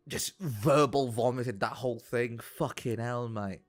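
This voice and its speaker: A young man streaming a game, ranting excitably with heavy swearing. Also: mid-range voice, unhurried, no echo. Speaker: gaming streamer. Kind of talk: live-stream rant.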